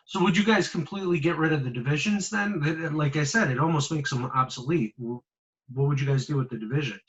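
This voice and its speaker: A slightly high-voiced man chats casually, hesitating often and trailing off mid-thought. The sound is a bit dull and lo-fi. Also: fast, fairly bright tone. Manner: hesitant, filler-heavy, trailing off. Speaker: podcast co-host. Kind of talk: casual chat about fantasy football.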